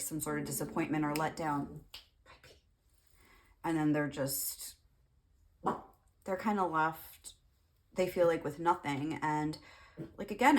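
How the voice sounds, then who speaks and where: A young woman with a low voice talks through a tarot reading in a loose, rambling way. She packs her talk with fillers and drops the occasional swear word. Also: a little mellow. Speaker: tarot reader. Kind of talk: casual tarot reading monologue.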